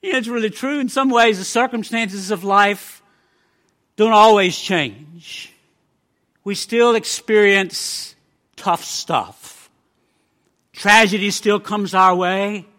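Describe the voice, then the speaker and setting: Male preacher, sermon, emphatic, high voice, unhurried. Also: bright, forceful tone. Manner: emphatic, with measured pauses.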